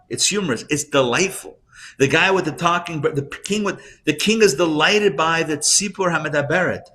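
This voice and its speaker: A rabbi with a fairly high voice teaches a live class in a classroom or synagogue hall, telling jokes and speaking conversationally. He asks the audience questions and gets loud and animated when making a point.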